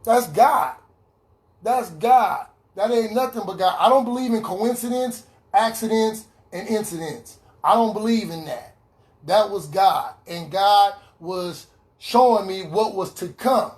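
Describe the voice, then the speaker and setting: A man's voice: sits high, a little slow. A man giving an earnest personal testimony in an online recovery meeting, repeating key lines for emphasis over a video call. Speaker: recovery speaker sharing his story.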